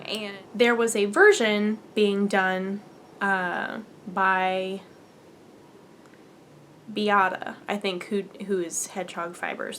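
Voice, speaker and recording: A woman hosting a casual podcast and showing things to the camera. She gushes excitedly and often drops to a near whisper. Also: medium pitch, slight background noise. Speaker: podcast host.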